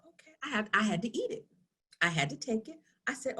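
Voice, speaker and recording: A middle-aged woman giving a lively conversational talk at a town hall, asking rhetorical questions and acting out past conversations. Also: on the high side, a little fast, slightly rough. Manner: animated, asks rhetorical questions, acts out dialogues. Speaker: town hall speaker on youth.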